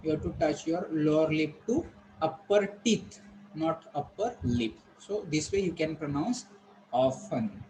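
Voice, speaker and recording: Teacher drilling pronunciation. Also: male voice, a little high, expressive, unhurried, a little mellow, a little hiss or hum, rough recording. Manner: repetitive, drilling questions at students. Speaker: English teacher. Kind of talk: online pronunciation lesson.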